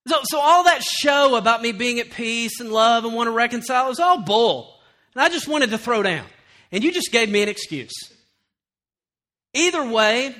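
A middle-aged male pastor preaching a sermon, telling animated stories and acting out quoted lines, then turning quiet and earnest. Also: extremely high pitch.

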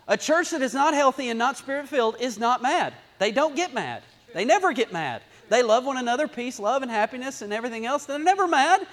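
A man's voice: very high voice, lively intonation, a little fast. A male pastor preaching a sermon, talking animatedly, repeating phrases and building to emphatic bursts. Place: church sanctuary. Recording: long hall reverb.

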